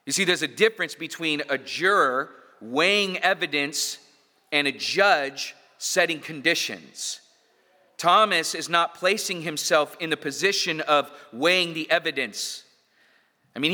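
A man's voice: on the high side, pushed and bright. Emphatic preacher man in a reverberant hall. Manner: emphatic, builds with repetition, casual asides. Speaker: pastor. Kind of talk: sermon.

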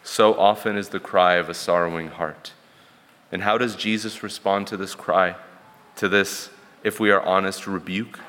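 Guy preaching a sermon, kinda low voice, earnest, lots of repeating lines, long echo like a big church. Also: steady tone, normal speed, fairly bright tone. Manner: earnest, emphatic preaching with rhetorical repetition.

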